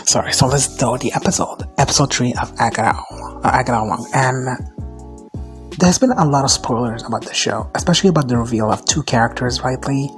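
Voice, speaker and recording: A woman giving a casual, excitable recap of an episode, rambling with slang, filler words and swearing. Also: rumbling low, fairly quick, faint music behind. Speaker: reaction vlogger.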